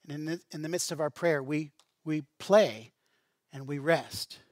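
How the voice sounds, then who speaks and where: A middle-aged male pastor preaches in an easy, conversational way, dropping in asides and small jokes. His voice sits a little high for a man, and the sound is close and dry with no room echo. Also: measured pace. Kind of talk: sermon.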